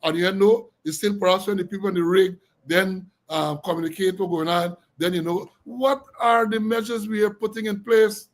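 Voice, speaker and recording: A man's voice: high-pitched, little pitch movement, moderate pace, hardly any pauses. A man from Guyana with a Guyanese accent, hosting a talk show and speaking critically and repetitively about government matters. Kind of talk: political talk show commentary.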